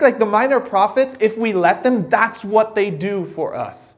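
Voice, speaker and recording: Guy pastor doing his sermon, chatty, lots of restarts, gets animated telling stories. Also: high-pitched. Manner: conversational and halting, many restarts; animated storyteller.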